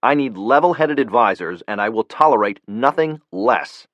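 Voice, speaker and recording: A man's voice: mid-range voice, lively intonation, normal speed, fairly bright tone, dry recording, highs cut off, lightly acted. A man voicing a stern, controlled male US president.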